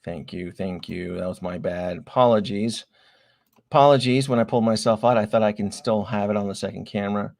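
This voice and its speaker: A man with a lowish voice hosts a late-night livestream about collectible figures. He rambles casually, thinks out loud and apologizes to viewers for slip-ups. His tone stays loose and conversational. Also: steady tone, brisk, vocal fry, few pauses.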